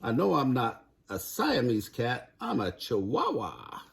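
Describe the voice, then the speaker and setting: An older man voicing an excitable young male kitten who thinks he's a Chihuahua, chanting and singing in a put-on Spanish accent. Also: mid-range voice, a little slow, vocal fry, heavily acted. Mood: sing-song. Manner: sing-song, gleeful, chanting.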